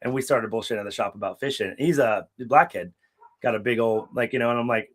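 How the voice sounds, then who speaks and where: Young male co-host, mid-pitched, casual and profane, tells long rambling stories. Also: fast talker, fairly bright tone. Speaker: podcast co-host. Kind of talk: casual live watch-along chat. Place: hot room without air conditioning.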